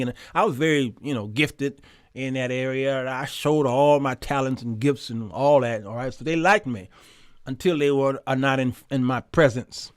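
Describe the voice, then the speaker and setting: A man's voice: mid-range voice, normal speed, smooth, no room sound, clean studio sound. A man hosting a Christian talk show, reading viewer comments and talking in an emphatic, conversational way, often repeating words.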